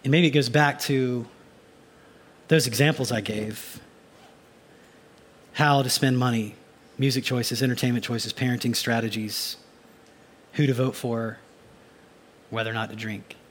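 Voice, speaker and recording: A man preaching a sermon as a pastor, animated and given to acting out little mock inner voices. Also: mid-range voice, unhurried, long pauses, slight background noise.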